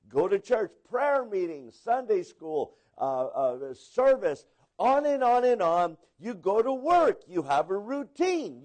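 A man's voice: high voice, darkish tone. A man preaching a sermon to a congregation, rambling and repeating words, with comic asides where he imitates people. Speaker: pastor.

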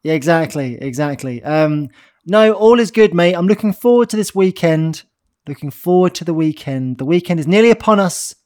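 A man's voice: on the high side, lively intonation, moderate pace, a little mellow. A man co-hosting a football podcast, cheeky and teasing in casual chat. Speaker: podcast co-host.

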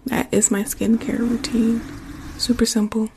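A young woman with a slightly hoarse voice, chatting softly and affectionately to her stream viewers. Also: fairly high pitch, little pitch movement, measured pace, a little hiss or hum. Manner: warm, affectionate, chatty with fillers. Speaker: ASMR streamer. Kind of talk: casual soft-spoken chat to viewers.

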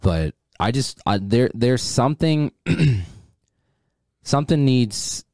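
A man who is a guest on a podcast, talking in a laid-back, halting way that often trails off. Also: medium pitch, lively intonation, darkish tone, no room sound, clean studio sound. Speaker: guest, horror writer and haunt actor. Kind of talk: casual podcast chat.

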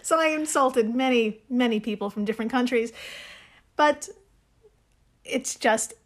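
A woman's voice: fairly high pitch, measured pace. A woman hosting a podcast in casual chat, enthusiastic, swearing freely and laughing often. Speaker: podcast host.

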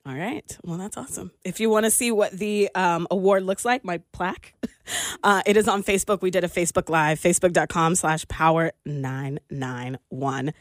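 A woman's voice: lowish voice, normal speed, no room sound, clean studio sound. A woman radio host talking on her show, emotional and laughing through tears after an award. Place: radio studio.

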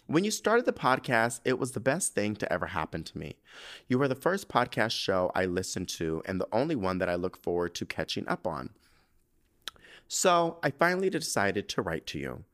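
A young man with a lowish voice hosts a podcast at normal speed, chatting casually in a camp style and swearing freely. He's animated, and he gets choked up and emotional while reading a listener's letter aloud.

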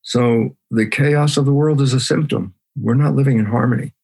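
A man's voice: medium pitch, normal speed, creaky, darkish tone, breathy edge. A man being interviewed as a guest biologist, talking emphatically and animatedly. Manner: emphatic, acts out his own side of conversations.

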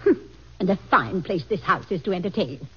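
A woman's voice: fairly low pitch, expressive, a little fast, slightly rough. A woman playing a chatty, complaining housekeeper in a vintage radio drama. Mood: fretful. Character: fussy, gossipy housekeeper. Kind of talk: 1940s radio acting. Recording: dull old radio recording.

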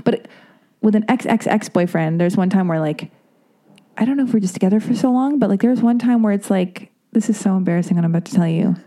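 A woman's voice: medium pitch, fast talker, dark tone. A woman hosting a podcast, chatting candidly and rambling through embarrassing stories with self-deprecating humor. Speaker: podcast host. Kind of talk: casual podcast chat.

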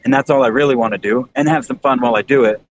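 A man from the American South talks loosely on a podcast, rambling through fillers and restarts and swearing casually. His voice sits at an ordinary pitch, and the recording sounds slightly dull, with a faint rumble underneath. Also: racing. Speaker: YouTuber guest.

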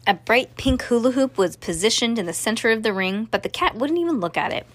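A woman narrating a children's story aloud, steady, with small restarts. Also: mid-range voice, brisk, few pauses. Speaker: reader.

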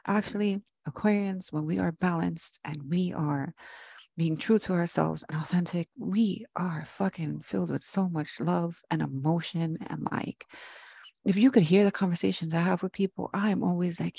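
Expressive woman with a gravelly voice. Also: lowish voice, moderate pace, dry recording. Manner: expressive, animated, swears casually. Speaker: podcast co-host. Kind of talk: casual conversational podcast.

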